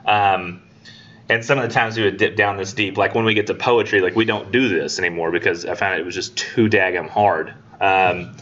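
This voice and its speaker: A male English instructor delivers a casual, rambling classroom lecture, joking around and acting out his students. His voice sits on the low side and is a bit bright. The classroom recording is dull and lo-fi.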